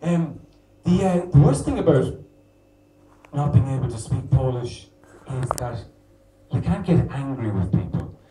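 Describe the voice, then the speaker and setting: A young man performing a stand-up comedy set in a bar, telling crude, self-mocking stories with an animated delivery. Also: mid-range voice, unhurried, long pauses, a little hiss or hum. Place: small bar with a live audience. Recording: roomy bar sound, mic from a distance.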